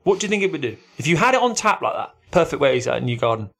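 An animated man in casual podcast chat, his pitch swinging widely as he talks. He often leaps into a high, excited voice, then drops back to an even, thoughtful tone. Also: rapid-fire, vocal fry. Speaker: podcast co-host.

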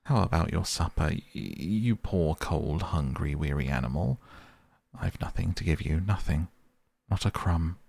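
Man doing a despairing storybook mole, mournful, deep, gravelly. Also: measured pace, darkish tone, dry recording, exaggerated voice. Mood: moaning. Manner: mournful and self-reproaching. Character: gloomy timid male mole, easily despairing.

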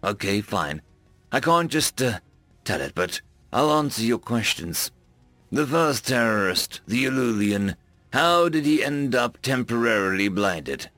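A man voicing a shaken human man who sees himself as a coward, telling his story in a rueful, halting way. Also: medium pitch, big pitch swings, pushed and bright, dry recording, soft background music.

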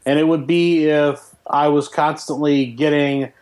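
A man with a somewhat high voice talks through his tech habits in casual podcast chat. He is animated and wry and pokes fun at himself. The tone is relaxed and conversational. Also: a little slow. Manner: animated, wry and self-mocking. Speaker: podcast co-host, professor.

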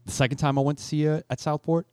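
A man hosting a podcast, asking relaxed, curious questions in casual chat. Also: a little high, quick pace, dry recording. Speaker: podcast host.

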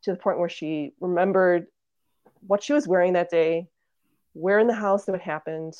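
This thirties-aged podcast guest has a lowish, somewhat dark voice at ordinary speed, recorded dry with the high frequencies cut off. She relates a family anecdote with sincerity in a relaxed chat, voicing the lines of relatives she quotes.

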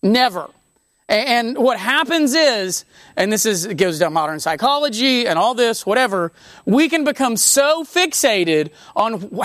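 A woman preaching a conversational sermon on scripture, animated, restarting her sentences and breaking off mid-thought. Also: a little high, no echo. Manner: animated, conversational, with many restarts and self-interruptions.

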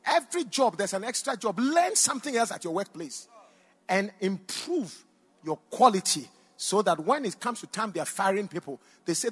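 A man, a pastor and doctor, preaching a sermon with personal stories, swinging between loud exclamations and quiet asides, in a church hall. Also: high voice, breathy edge. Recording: long reverb in a large hall.

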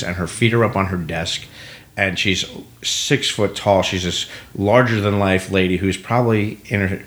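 A middle-aged man casually telling stories about his acting career, acting out the people he quotes. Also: sits low. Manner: animated storyteller acting out quoted dialogue. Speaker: guest actor. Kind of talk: casual storytelling.

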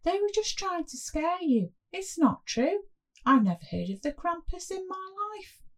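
A woman voicing a worried father gently questioning his young son in a spoken story. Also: extremely high pitch, very animated, a little slow, voice pushed up, heavily acted. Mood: reassuring.

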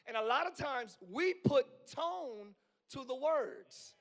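A hoarse man in his forties preaching a live sermon as pastor, swinging from quiet musing to yelling. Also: very high voice, expressive, slow. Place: church sanctuary.

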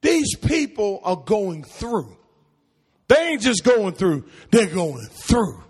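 A husky-voiced man preaching in a church, his voice pitched high and leaping widely in call-and-response. He drags out his words at an unhurried pace. A long reverb from the sanctuary trails each phrase. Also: big pitch swings. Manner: preaching with rising calls and questions to the congregation. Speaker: pastor.

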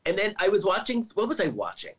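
A man's voice: sits high, fast talker, slightly rough, rough recording. A man co-hosting a podcast, chatting casually and retelling scenes with lots of "like"s. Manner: chatty, animated storytelling with many "like"s. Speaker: podcast co-host. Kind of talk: casual chat.

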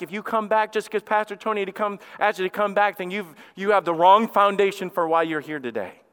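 A man preaching a sermon as pastor, emphatic, dropping low and quiet when he reads scripture. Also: brisk, hardly any pauses, clear, resonant tone. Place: church sanctuary. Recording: reverberant church hall.

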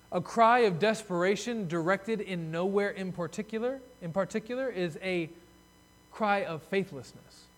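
With a little hiss or hum in the background, a high-voiced, earnest male pastor preaches. His desperate pleas rise loud and high, while his reflective moments sink soft and low.

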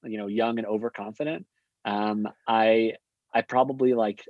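A man's voice: lowish voice, fairly even intonation, no echo. Young male guest, storytelling with fillers, dry dull lo-fi audio. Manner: quick, chatty, lots of fillers. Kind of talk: casual storytelling. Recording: dull lo-fi sound.

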